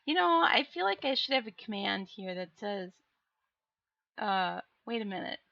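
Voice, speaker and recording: A woman with a Minnesotan accent chats casually on a live stream, reading chat messages aloud in a playful, teasing, drawn-out way. Her medium-pitched voice is sing-song, bright and forceful, with vocal fry. The recording is dry and lo-fi.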